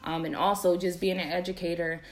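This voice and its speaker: Young woman host, chatty and animated, slightly low-pitched, laughs a lot; casual podcast talk. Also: fairly quick. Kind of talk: casual chat to viewers.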